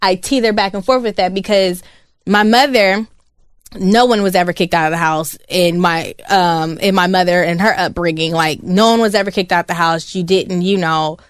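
A woman's voice: lowish voice, steady tone, moderate pace, clear, resonant tone, no echo, studio quality. A young woman co-hosting a casual chat, candid and profane, who laughs often and acts out what people said. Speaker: podcast co-host.

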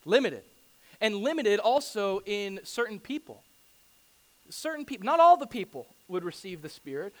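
A man with a fairly high voice preaches a sermon. He quotes scripture and drives his points home with rhetorical questions. His delivery swings from quiet and intimate to loud and urgent. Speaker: pastor.

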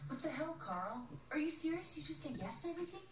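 Brief: a high-voiced, upset girlfriend, far-off film sound with noticeable noise. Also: expressive, quick pace. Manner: sarcastic, upset. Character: hurt, upset young woman confronting her boyfriend. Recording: distant film audio in an echoey, noisy room.

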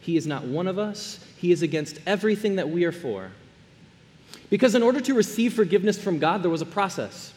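Earnest high-voiced male pastor in a reverberant hall. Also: lively intonation, a little fast. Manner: earnest, swings between soft hushed lines and raised emphatic ones. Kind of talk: sermon.

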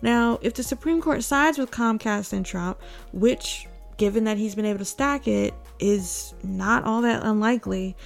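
A woman's voice: a little high, vocal fry. A woman hosting a casual political commentary, outspoken and emphatic, breaking into laughing asides.

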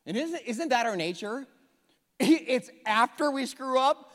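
A pastor in his forties preaching a sermon, animated and joking as he acts out the people in the story. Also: very high voice, slow pace. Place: church hall. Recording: long reverb of a church hall.

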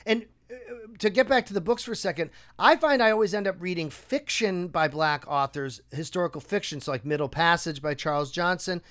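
A man hosting a podcast, chatting casually and acting out quotes with a raised, animated voice. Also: high-pitched, brisk. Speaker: podcast host. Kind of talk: casual conversation.

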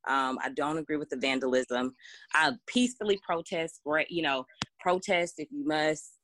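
A woman's voice: sits low, steady tone, moderate pace, fairly bright tone, slight background noise. A woman, co-hosting a casual podcast discussion, talking emphatically with many restarts. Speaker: podcast co-host.

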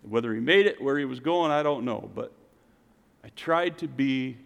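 A middle-aged man preaching a sermon and telling a personal story, swinging from loud, lifted lines to hushed, quiet ones. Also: medium pitch, moderate pace, gravelly. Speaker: pastor. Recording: long hall reverb.

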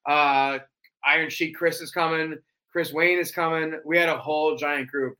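A young man telling stories in a casual chat, animated and quick to slip into wrestler impressions. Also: on the high side. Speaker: cosplayer guest.

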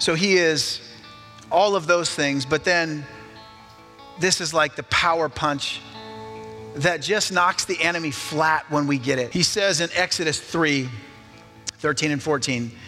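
A man's voice: sits high, sharp tone. A man preaching a sermon with emphatic rhetorical questions to the congregation. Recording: echoey hall, faint music.

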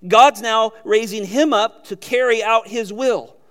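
A man's voice: high-pitched, a little slow, fairly bright tone, long reverb tail. A man preaching a sermon as pastor, animatedly acting out quoted lines and chuckling often.

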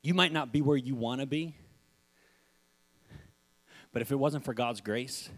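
A young man preaching a sermon, acting out stories with sudden shouts and repeated words. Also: mid-range voice, unhurried. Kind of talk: animated sermon storytelling.

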